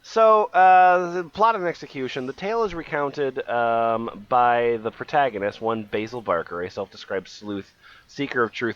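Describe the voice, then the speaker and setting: A man's voice: medium pitch, fairly bright tone, dull audio. A man co-hosting a comedy podcast, reading a review aloud with frequent ums and uhs. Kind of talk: casual comedy podcast banter.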